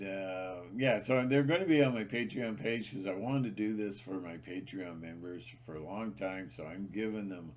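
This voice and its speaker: A man with a fairly low voice talks to his channel's viewers in a loose, rambling monologue. He leans hard on repeated words, trails off, and restarts his sentences often. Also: slight background noise. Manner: emphatic, repetitive, many restarts and fillers. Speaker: channel host.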